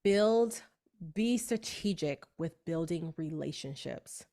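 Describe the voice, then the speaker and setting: A woman in her thirties from New York with a New York accent, a beauty industry coach telling lively stories in a podcast interview. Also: sits low, takes it slowly. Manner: animated storyteller, acts out voices.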